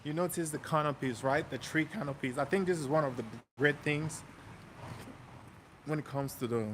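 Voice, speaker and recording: A man's voice: fairly high pitch, normal speed. Chatty man walking a busy street. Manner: relaxed, chatty, slangy, repeats himself. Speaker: vlogger walking a city neighborhood. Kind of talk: casual storytelling walk-and-talk. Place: outdoors on a city street, walking. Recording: street traffic noise behind.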